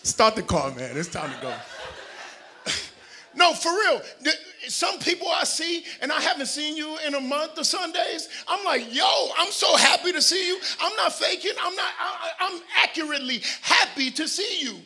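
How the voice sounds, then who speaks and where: A middle-aged pastor with a strikingly bright, piercing voice pitched high for a man, preaching in a church. He moves between shouted, nearly sung declarations and soft, joking asides to the people in front of him. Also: normal speed, creaky. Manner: animated preaching, swings from shouting to quiet asides, joking with the congregation. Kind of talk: sermon. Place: church sanctuary.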